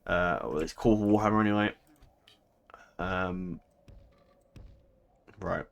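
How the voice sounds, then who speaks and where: In a slow, low voice with vocal fry, a man provides casual gameplay commentary. He's chatty, laughs easily, and keeps thinking out loud and doubting his own choices.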